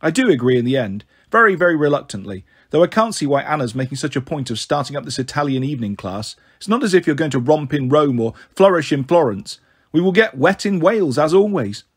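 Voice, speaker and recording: A man's voice: fairly high pitch, very animated, brisk, slightly rough. A man reading a first-person novel aloud in a wry, sulky narrating manner. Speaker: audiobook reader.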